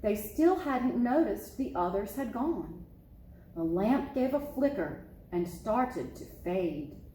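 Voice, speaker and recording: A woman's voice: medium pitch, takes it slowly, slight background noise. A woman, a children's librarian, reading a picture book aloud expressively, recorded in an echoey room. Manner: expressive, storytelling.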